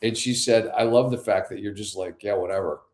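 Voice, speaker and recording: A man in his fifties, a podcast guest, telling a story with lively acted-out dialogue. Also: on the low side, a little fast. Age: 50s. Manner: animated storyteller, acts out dialogue. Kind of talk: conversational storytelling. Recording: echoey room.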